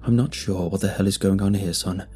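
A man voicing a weary middle-aged father deep in a cave, speaking low, subdued and tired. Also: fairly even intonation, a little fast, dark tone, breathy edge, faint music behind.

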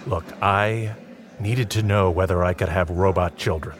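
A man voicing a scheming rail company boss who talks in a slow, pompous way. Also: sits low, fairly even intonation. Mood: persuasive.

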